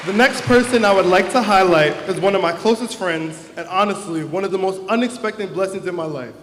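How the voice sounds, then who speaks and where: A young man with a high voice delivers an earnest, heartfelt graduation speech from the stage. His words ring out through a big hall with a long, echoing reverb. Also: a little fast, crowd noise, noisy background. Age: young adult. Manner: earnest, heartfelt, emotional at times. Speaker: class president giving a graduation speech. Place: large hall or auditorium. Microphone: microphone on a stage.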